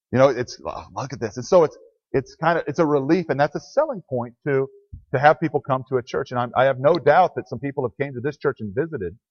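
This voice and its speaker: A man's voice: mid-range voice, no echo. A man preaching a conversational sermon as a pastor in a church, speaking plainly and answering the questions he puts to the congregation. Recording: dry, dull lo-fi sound.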